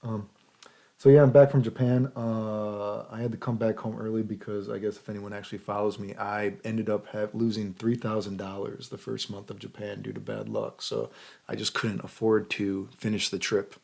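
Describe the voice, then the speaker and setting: A man's voice: fairly low pitch, flat delivery, moderate pace, gravelly, a little mellow. A man hosting his own channel, ranting heatedly into a computer microphone, swearing and often asking "right?". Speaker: channel host. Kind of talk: unscripted ranting monologue.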